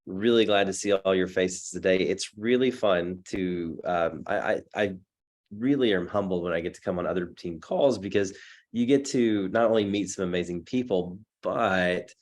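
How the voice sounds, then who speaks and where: Low-voiced chatty man on a video call. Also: moderate pace. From Texas. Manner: rambling, chatty, frequent fillers and restarts. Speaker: guest speaker. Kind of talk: casual talk on a video call. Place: dark hotel room.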